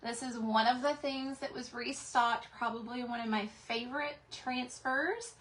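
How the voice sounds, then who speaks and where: Woman, Texas accent, craft livestream host, chatty, greets viewers by name, a bit high-pitched. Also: steady tone, moderate pace, a bit bright. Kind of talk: casual livestream chat. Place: craft room.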